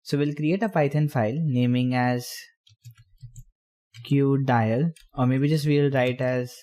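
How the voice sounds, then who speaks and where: A man explaining programming step by step while typing, in halting phrases. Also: mid-range voice, fairly even intonation, warm tone. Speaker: programming tutor. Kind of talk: screen-recorded coding tutorial.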